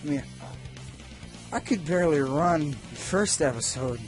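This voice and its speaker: A man's voice: fairly high pitch, lively intonation, a little slow. A man reviewing a video game, reading its text aloud and breaking off into sarcastic, jokey asides. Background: faint game music.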